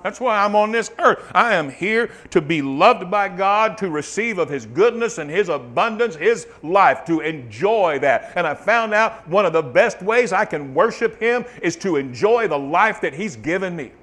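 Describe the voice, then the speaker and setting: A man preaching a sermon, swinging from loud fervent bursts to soft, murmured testimony. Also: sits high, animated, moderate pace, few pauses.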